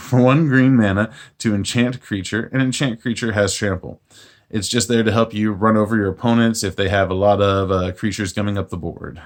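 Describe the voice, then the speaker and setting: A man hosting his own channel, walking through a card game deck in a relaxed, plain-spoken way with self-mocking jokes. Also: lowish voice. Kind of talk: casual deck walkthrough.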